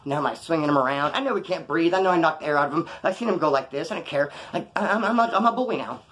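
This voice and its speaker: Rapid-fire slangy male storyteller. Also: fairly high pitch, fairly bright tone. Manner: slangy, profane, acts out quoted voices. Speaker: storyteller talking to camera. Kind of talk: casual storytelling.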